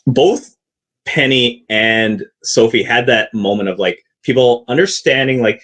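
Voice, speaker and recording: A man's voice: mid-range voice, measured pace, fairly bright tone. A man who is a guest on a movie podcast, rambling casually with lots of "like" and laughing easily. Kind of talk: casual chat.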